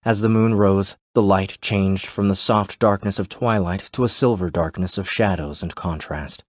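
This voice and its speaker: A man reads a thriller in a measured, steady voice. His tone is very low and the recording is dry and close, with no room around it. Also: no echo. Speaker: audiobook narrator. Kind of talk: scripted thriller narration.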